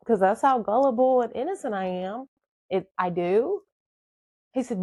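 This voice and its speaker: Brief: woman, animated confessional storyteller, close and dry mic. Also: medium pitch, measured pace, dry recording. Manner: emotional, animated, dramatic. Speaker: podcast host telling her life story. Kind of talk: personal storytelling.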